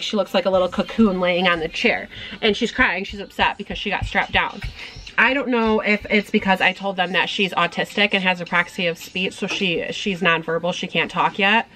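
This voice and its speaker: A woman's voice: medium pitch, pushed and bright, low-quality recording. A young woman telling a personal story in a casual vlog, chatty, with many ums and restarts. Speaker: vlogger mom.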